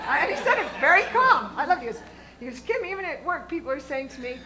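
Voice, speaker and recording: A woman's voice: high-pitched, big pitch swings, normal speed, a loud crowd, low-quality recording. A woman minister giving a sermon to her congregation in an earnest, emphatic way, often asking them questions. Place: church sanctuary with a congregation.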